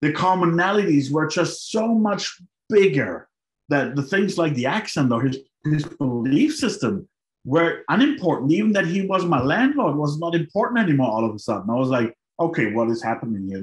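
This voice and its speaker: A middle-aged man telling his own story to an audience in an animated way, acting out his past thoughts. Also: fairly high pitch, moderate pace. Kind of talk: personal storytelling talk to an audience. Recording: roomy hall sound.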